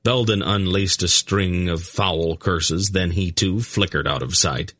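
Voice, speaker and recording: A man narrating an audiobook in an expressive storytelling manner. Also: low-pitched, unhurried, dry recording. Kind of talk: scripted narration.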